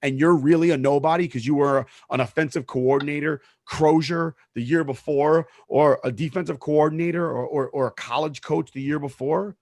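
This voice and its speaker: A man's voice: a little high, steady tone, normal speed, hardly any pauses, darkish tone, no echo, clean studio sound. A man co-hosting a casual sports podcast, telling a story in an emphatic way and swearing freely. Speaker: podcast co-host; supervisor at work.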